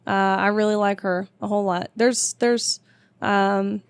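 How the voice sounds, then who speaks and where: A woman's voice: medium pitch, fairly even intonation, unhurried, smooth, no room sound. A young woman in her twenties, a guest in a casual interview, speaking in a chatty, emphatic way. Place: tour bus.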